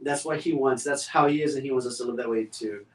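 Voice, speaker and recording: A man's voice: mid-range voice, fast, echoey room, distant mic, poor audio. A man co-hosting a faith discussion podcast, talking earnestly and fervently with many restarts. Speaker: podcast co-host.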